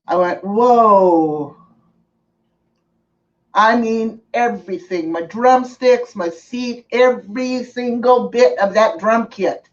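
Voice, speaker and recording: A woman tells a story on a live stream, slowly and earnestly, stopping now and then to thank viewers. Her voice sounds set back from the mic. The sound is dull and lo-fi. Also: fairly high pitch, distant mic.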